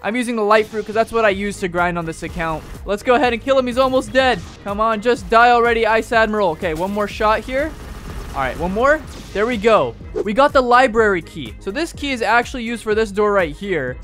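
A young man giving excited, joking commentary on a game he is playing. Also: high-pitched, fairly quick. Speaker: gaming video host. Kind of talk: gameplay commentary. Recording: faint music behind. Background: background music.

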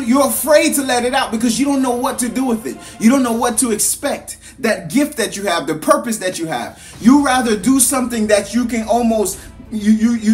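An earnest motivational speaker talks in a mid-range voice, building each point through repetition with a preaching cadence. The delivery sounds like a parent passing on a lesson through a story. Faint music plays behind the voice. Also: medium pitch. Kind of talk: motivational talk.

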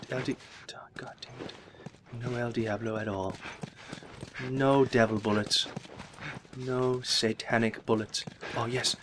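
A man doing jokey, excitable gameplay commentary, yelping and muttering as he plays. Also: fairly low pitch, noisy background. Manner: excitable, jokey, swears mildly, yelps when hit. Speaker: let's play gamer. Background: game music.

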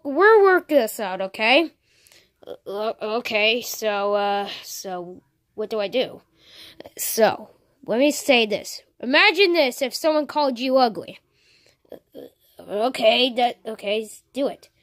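A woman acting out a homemade toy-figure skit, switching between voices with sudden shouts. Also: sits high, dry recording, clean studio sound.

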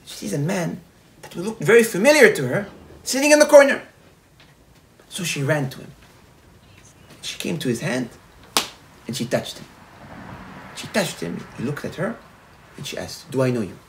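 A man, a rabbi, retelling a parable in a sermon, animated and repetitive. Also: on the high side, normal speed, vocal fry, long pauses, low-quality recording. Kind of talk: sermon storytelling.

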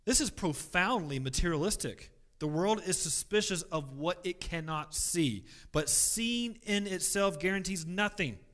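A man teaching a church Bible class, emphatic, swinging between loud stress and quiet asides, often repeating words as he restarts. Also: high-pitched, animated, a little slow, hardly any pauses.

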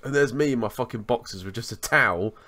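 A man co-hosting a podcast, telling a story in a sweary, animated way in casual chat. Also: mid-range voice, fast talker. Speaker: podcast co-host.

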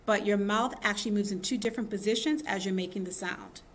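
A woman's voice: medium pitch, quick pace, a little hiss or hum. A woman teacher giving a children's phonics lesson, upbeat and encouraging, checking in with "okay?" often.

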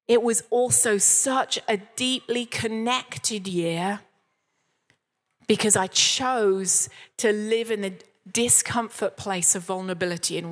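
A woman in her thirties preaching at a church service, telling candid, humorous stories and acting out what people said. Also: mid-range voice. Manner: candid, humorous storytelling with acted-out quotes. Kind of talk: sermon. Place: church hall. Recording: long reverb of a church hall.

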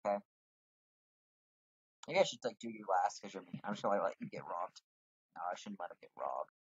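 A man's voice: low-pitched, lively intonation, brisk, slightly rough, dull audio. A man casually talking through a role-playing game, reading quest lines aloud in put-on voices. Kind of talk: casual let's-play commentary, reading quest dialogue aloud.

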